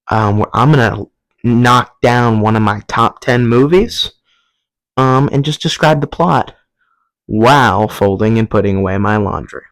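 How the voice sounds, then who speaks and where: A man's voice: lowish voice, dry recording, poor audio. Young male vlog host, home setting, loose and rambling, comedic. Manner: goofy, rambling, jumps into silly voices. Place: at home while folding laundry.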